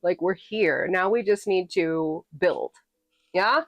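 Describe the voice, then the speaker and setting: A woman's voice: on the low side, takes it slowly, dry recording, faint music behind. A woman from New England chatting casually with her live-stream viewers, playful and sassy and laughing often. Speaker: livestreamer and author reading her novel.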